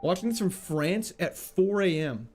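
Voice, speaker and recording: Animated, chatty male game streamer. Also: high voice, a little slow, a little hiss or hum. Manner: chatty and playful, laughing often. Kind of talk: casual live gameplay commentary, reading chat.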